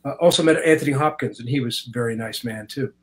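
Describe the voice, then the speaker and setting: An older man from Canada, a voice actor telling stories in a relaxed interview and slipping into voices as he goes. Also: mid-range voice, quick pace, rough recording. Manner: animated, slips into voices while telling stories. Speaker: guest voice actor. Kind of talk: casual interview storytelling.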